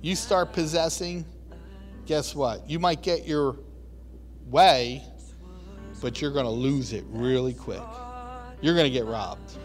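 A man's voice: medium pitch, slow pace, long pauses, faint music behind. A man preaching a sermon in a conversational, emphatic storytelling way, likely in a church.

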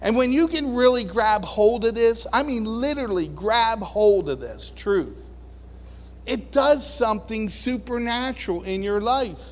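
A man preaching a sermon in a folksy, animated way, now and then acting out voices and shouting. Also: extremely high pitch, a little slow. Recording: long reverb of a large hall.

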